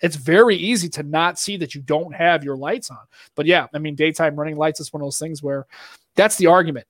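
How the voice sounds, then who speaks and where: Animated man with a Boston accent. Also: fairly high pitch, fairly quick, dry recording, studio quality. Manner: animated, ranting, rambling with restarts. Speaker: podcast co-host. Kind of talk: casual chat.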